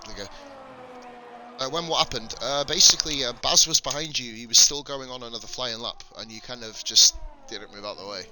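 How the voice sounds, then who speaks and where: A man's voice: mid-range voice, a little fast, background noise. A man from England with a slight lisp, giving blunt, sweary live commentary on a sim racing stream into a desk mic.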